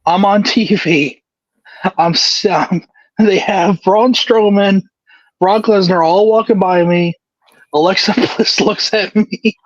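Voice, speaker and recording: A man with a notably high voice, chatting casually as a podcast co-host. He tells his story quickly, with restarts. The sound is dry and dull, a bit lo-fi. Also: no room sound. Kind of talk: casual chat.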